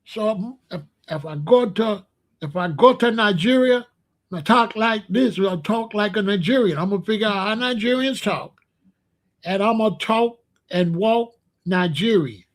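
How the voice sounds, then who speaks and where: Ranting vlogger, male, high voice, repeats himself, punches lines loudly. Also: measured pace. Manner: animated, with emphatic repetition and loud outbursts. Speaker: commentary vlogger. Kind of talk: casual ranting commentary.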